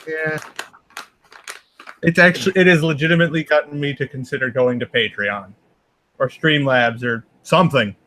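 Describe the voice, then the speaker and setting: Young man, mid twenties, sardonic, bright forceful tone. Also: fairly high pitch, normal speed, pauses often, a little hiss or hum. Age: 20s. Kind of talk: casual voice chat.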